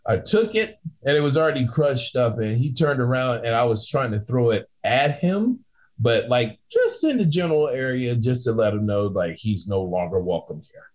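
A man chatting casually and telling a rowdy story. He talks in an easygoing, ordinary voice at a middle pitch. He keeps acting out the people in it with quick shifts of voice. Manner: animated storyteller, acts out voices in his anecdotes. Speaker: guest telling a bouncer story. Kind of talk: casual podcast chat.

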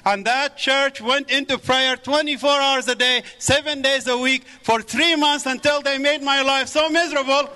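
A man's voice: extremely high pitch, fairly even intonation, moderate pace, hardly any pauses, sharp tone. A middle-aged man from the Middle East giving a fervent preached testimony in a church. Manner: fervent, repeats praise.

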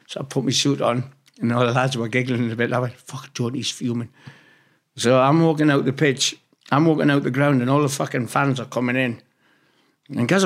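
Swearing man spinning rambling stories. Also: mid-range voice. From England. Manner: rambling, swears freely, acts out quoted dialogue. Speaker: guest. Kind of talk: casual storytelling interview.

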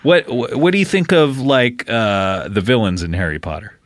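A man's voice: mid-range voice, no room sound, clean studio sound. A man hosting a comedy podcast, rambling and teasing in casual chat. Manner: teasing, rambling, quick to laugh. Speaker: podcast host.

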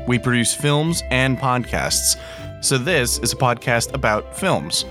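A man reading a scripted podcast introduction in an even announcing tone. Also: medium pitch, a little slow, over music.

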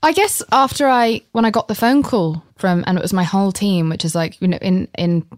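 A woman's voice: medium pitch, fairly quick, no echo, clean studio sound. English woman telling candid stories. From England. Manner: candid storytelling, frequent swearing. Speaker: actress guest. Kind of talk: casual chat.

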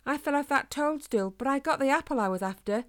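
A woman voicing a gentle, eager little male hedgehog who talks high and cries out in pain. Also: lively intonation, brisk. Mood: earnest.

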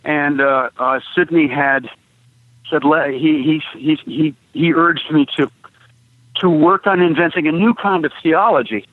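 A man who is an activist street preacher, speaking as a radio interview guest: halting at first, then building into preacher-like emphasis. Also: a little high, dry recording. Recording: tinny phone line, dry.

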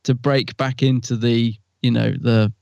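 A man in a mid-range voice chats on a fan podcast, laughing easily and chiming in with quick agreement. His microphone sounds dull and lo-fi. The sound is dry and close, with no room echo. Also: mid-range voice, little pitch movement, vocal fry, a little mellow. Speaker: podcast co-host. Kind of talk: casual fan chat.

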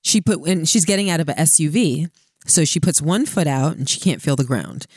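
A middle-aged woman co-hosting a podcast, telling a family story in a casual, animated way and acting out quotes. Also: fairly quick, husky, no room sound, studio quality. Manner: animated, laughing, acts out quotes in high squeals. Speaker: podcast co-host.

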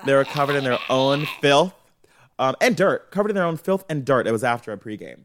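A man's voice: medium pitch, lively intonation, brisk, a bit bright. A young man co-hosting a podcast, brash and foul-mouthed, with theatrical outbursts. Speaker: podcast co-host. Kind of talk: casual chat.

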